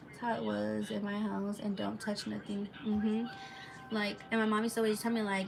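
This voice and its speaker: A woman's voice: mid-range voice, flat delivery, normal speed, gravelly. A woman telling a personal story to her viewers in a rambling, casual way, full of fillers and restarts, live from home on a phone. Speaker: live-stream vlogger. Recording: noisy home recording.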